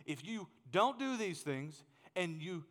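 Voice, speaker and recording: A man in his thirties preaching a sermon as pastor, animated and joking, often repeating words as he gets going. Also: sits high, slow, big-room sound.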